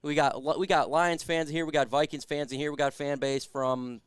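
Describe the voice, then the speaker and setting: A man's voice: fairly high pitch, fairly even intonation, moderate pace, smooth, no room sound, studio quality. A man hosting a casual sports live stream who hypes the chat and reads out viewer comments. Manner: hypes chat, reads super chats aloud.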